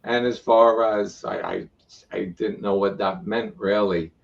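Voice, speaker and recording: A man's voice: fairly low pitch, fairly even intonation, unhurried, vocal fry, distant mic, muffled recording, slight background noise. A man, a spiritual teacher and guest, telling his story animatedly and acting out what people said to him. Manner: retells events with repeated "I go" and acted-out quotes.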